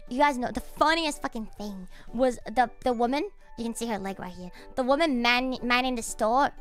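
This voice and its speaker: A young woman streamer chatting casually and excitably, breaking into laughter and swearing freely. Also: on the high side, moderate pace, soft background music. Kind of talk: casual chat.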